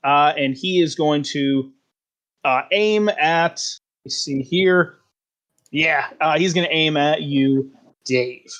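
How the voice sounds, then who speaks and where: A man's voice: a little high, slow, a bit bright, lo-fi sound. A man narrating as game master, laughing often and filling gaps with "uh". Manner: laughing often, many fillers.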